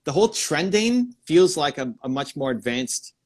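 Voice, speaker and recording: Excited man coaching on a live stream. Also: fairly high pitch. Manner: energetic, talks fast in bursts, thinks out loud.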